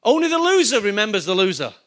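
A man's voice: high-pitched, big pitch swings, fast, fairly bright tone. A male pastor preaching a sermon, emphatic and full of rhetorical questions to his congregation.

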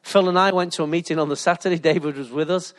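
A man, a pastor preaching a lively sermon full of funny anecdotes and laughter. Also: on the high side, fast talker. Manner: jokey, animated storytelling with laughter.

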